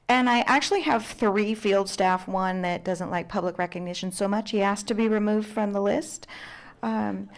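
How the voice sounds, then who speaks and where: A woman special district administrator giving informal remarks at a county board meeting, often correcting herself. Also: mid-range voice. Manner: chatty, informal, self-correcting.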